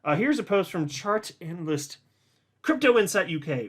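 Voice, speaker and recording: A man's voice: high-pitched, lively intonation, moderate pace. A man hosting a casual market commentary, reading posts aloud and talking bluntly and emphatically with frequent fillers. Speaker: host of a crypto market channel.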